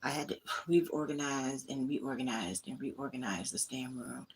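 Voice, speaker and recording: Low-voiced woman venting on a livestream. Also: normal speed, slight background noise. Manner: candid, venting, talks straight to chat. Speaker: livestream host. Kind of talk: casual livestream chat. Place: indoors at home, small room.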